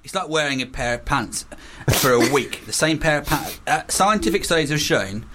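A man co-hosting a comedy radio show, deadpan with absurd jokes. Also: on the high side, normal speed, noisy background. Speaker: radio co-host. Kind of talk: casual comedy radio chat. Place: radio studio.

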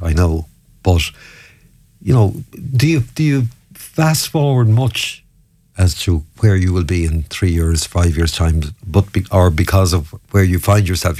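A man hosting an interview, asking gentle, hesitant questions. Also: deep voice. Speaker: host.

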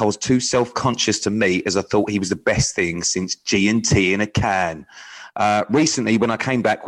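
A man reading out a young woman's embarrassing date story in an attempted Northern Irish accent, halting as he reads. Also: fairly low pitch, a bit bright, natural voice, poor audio.

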